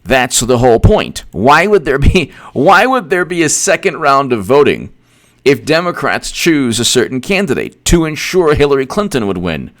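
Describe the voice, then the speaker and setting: A man hosting casual political commentary, rambling and repeating himself, with animated asides. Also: medium pitch, moderate pace.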